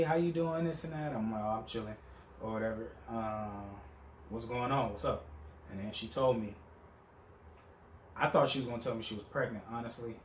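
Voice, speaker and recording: A man's voice: medium pitch, roomy sound, slight background noise. A young man telling a story in a casual, profane monologue, acting out the people he quotes. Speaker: vlogger.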